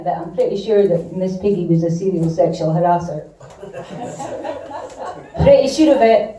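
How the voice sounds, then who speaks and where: A woman's voice: fairly low pitch, mellow, muffled recording, a little hiss or hum. A woman with an Aberdeen Scottish accent doing improvised stand-up comedy on a club stage, rambling, swearing and poking fun at herself. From Aberdeen, Scotland. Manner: rambling, sweary, self-deprecating. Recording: roomy and distant live club recording.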